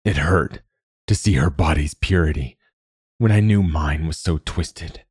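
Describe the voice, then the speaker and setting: A man voicing a weary, gruff but kind old male swordsman, speaking in a low murmur in a storybook reading. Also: measured pace, darkish tone, dry recording, studio quality, full character voice.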